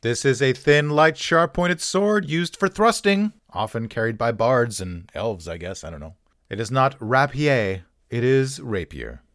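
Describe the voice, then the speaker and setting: This is a man running a casual pronunciation walkthrough, tossing in dry jokes at his own expense. His voice leaps around in pitch as he explains. The recording is dry and close, with no room sound. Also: expressive, normal speed, a bit bright, clean tone, dry recording. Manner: wry, offhand asides and self-mockery. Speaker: host of a pronunciation channel. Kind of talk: casual talk-through with jokes.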